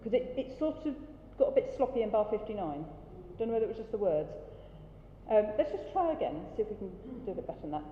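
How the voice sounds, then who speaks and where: A woman's voice: mid-range voice, very animated, slight background noise. Woman coaching a choir in a hall. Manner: encouraging, brisk, demonstrates sounds. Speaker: choir director. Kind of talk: rehearsal coaching. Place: large rehearsal hall. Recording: dull roomy hall recording, faint ambience.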